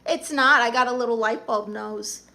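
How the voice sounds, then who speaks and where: Creaky yet bright and forceful, this livestreamer's fairly high voice moves at a moderate pace. With her Brooklyn accent, she casually chats and reads out viewer comments, sounding sassy and brash.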